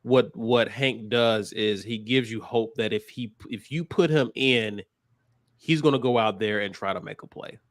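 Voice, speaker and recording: A man's voice: medium pitch, moderate pace, dry recording. A man with a mid-range voice guides a casual sports discussion and moves it along to the next point. His mic sounds close and dry.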